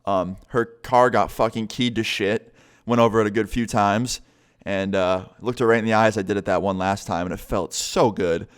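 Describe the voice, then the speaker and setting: A young vlogger with a lowish, clear, resonant voice tells his audience a story at a moderate pace. He's casual and animated, swearing freely and acting out what other people said.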